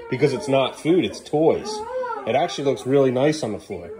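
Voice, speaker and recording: A man's voice: animated, fairly quick. A father filming at home, chatting playfully with his young sons in a sing-song voice. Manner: playful, sing-song baby talk to the kids, often jumping up high. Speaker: father and vlogger. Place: family home, kids' bedroom. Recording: noisy home video.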